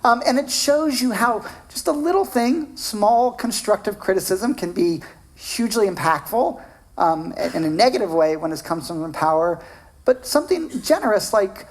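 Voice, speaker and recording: A middle-aged man giving a keynote lecture as a professor, telling personal anecdotes with animated delivery. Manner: animated storytelling, acts out quoted voices with big pitch jumps.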